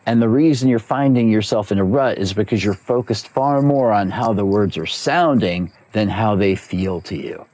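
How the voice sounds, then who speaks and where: A man's voice: lowish voice, normal speed, few pauses, a little mellow. A man who works as a voice actor and coach, explaining his craft in an interview and repeating key phrases for emphasis.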